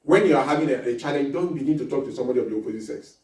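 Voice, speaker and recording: A man giving a lively marriage seminar talk, laughing often and acting out little dialogues as he teaches. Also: medium pitch, rapid-fire. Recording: echoey hall recording from far off.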